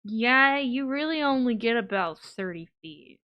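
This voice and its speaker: A woman acting as game master in a casual tabletop game, calmly describing what happens. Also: on the high side, a little slow, clear, resonant tone, lo-fi sound.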